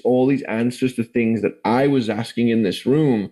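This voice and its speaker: A man's voice: mid-range voice, moderate pace, warm tone, low-quality recording. An English man in his forties, telling his life story in a rambling, casual way full of fillers. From England. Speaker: guest. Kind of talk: casual testimony interview.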